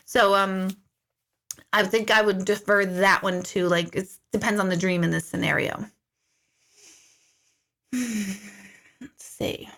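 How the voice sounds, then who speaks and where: Middle-aged woman doing a chatty live q&a, normal pitch, tells stories and acts out what she said. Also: takes it slowly, long pauses. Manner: chatty, storytelling, quotes herself in lively asides. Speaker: intuitive medium answering viewer questions. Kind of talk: casual live-stream Q&A.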